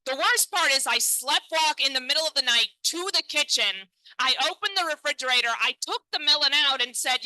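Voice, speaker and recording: Bright-voiced woman doing stand-up. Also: sits high, lively intonation, fairly quick, dry recording, rough recording. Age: 30s. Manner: self-deprecating, chatty, addresses the crowd. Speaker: stand-up comedian. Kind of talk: stand-up comedy set. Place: comedy stage.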